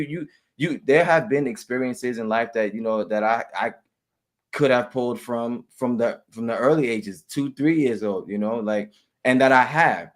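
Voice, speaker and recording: Guy chatting about acting, laid back, lots of restarts and little laughs, middle pitch. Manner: relaxed, many restarts and repeated words, laughs often. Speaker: actor and guest. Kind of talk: casual interview chat.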